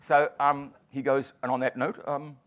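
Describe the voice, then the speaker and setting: A man from New Zealand, a comedian, telling an anecdote on a panel in front of an audience, doing quick voices for the people in it. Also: mid-range voice, flat delivery. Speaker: guest comedian and author. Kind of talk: storytelling on a panel. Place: venue with live audience.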